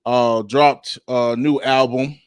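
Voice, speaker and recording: Slow-talking laid-back man, dry sound. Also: medium pitch, fairly even intonation, smooth, no room sound. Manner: rambling, laid-back, laughs at himself; drawn-out speech with many fillers. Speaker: podcast host. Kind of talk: casual music podcast chat.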